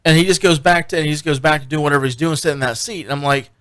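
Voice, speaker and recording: A man's voice: on the high side, racing, a bit bright, no room sound. Brief: male radio co-host, loose casual storytelling, dry booth. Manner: rambling storyteller, many fillers and restarts. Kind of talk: casual radio chat recapping a TV show.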